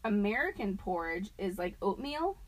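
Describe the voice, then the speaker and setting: A woman's voice: medium pitch, very animated, moderate pace, rough recording. A young woman co-hosting a podcast, chatting casually, laughing often and swearing freely. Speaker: podcast co-host. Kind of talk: casual chat.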